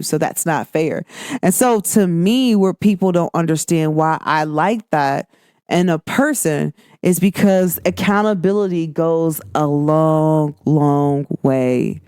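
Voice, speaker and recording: Animated woman podcaster, dry close sound. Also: sits low, no echo. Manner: animated, expressive, acts out quoted lines. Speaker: podcast host. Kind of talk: casual chat.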